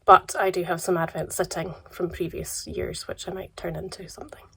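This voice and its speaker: A Scottish woman vlogging casually about yarn and advent calendars, her voice croaky from a cold, relaxed and chatty with soft trailing asides. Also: fairly low pitch, a little fast, in a whisper. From Scotland. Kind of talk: casual chat to camera.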